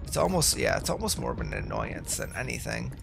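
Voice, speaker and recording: Brief: male let's-play host, gravelly fry, lively pitch, musing aloud at his game, soft game music under him. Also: brisk. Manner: thinking aloud, chatting to the game's students. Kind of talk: casual gameplay commentary.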